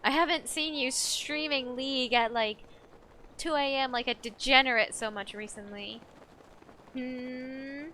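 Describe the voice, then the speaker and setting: Bright, chatty woman game streamer. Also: sits high, measured pace, slight background noise. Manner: chatty, giggly, reads chat aloud. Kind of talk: live game stream chat.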